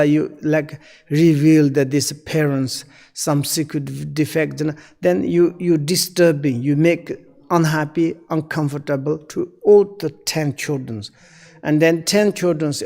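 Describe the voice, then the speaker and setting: A man giving a Dharma teaching in halting, non-native English. He pauses often with fillers while searching for words. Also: on the high side, creaky, darkish tone, long reverb tail. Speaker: Buddhist teacher.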